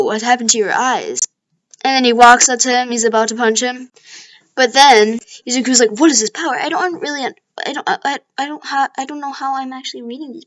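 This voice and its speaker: High-pitched woman improvising a fan story offhand, loose and rambling. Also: a bit bright, low-quality recording. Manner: rambling, with frequent restarts and apologies.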